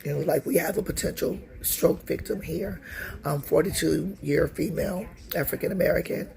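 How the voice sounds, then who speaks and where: A woman in her forties, her voice deep, darkish and touched with vocal fry, gives a personal testimony. Her telling is halting, full of pauses and fresh starts.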